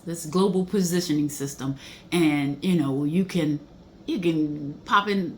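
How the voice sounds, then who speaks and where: A woman's voice: medium pitch, slight background noise. A middle-aged woman giving a faith-based motivational talk, speaking in an emphatic, preachy way and breaking into exclamations.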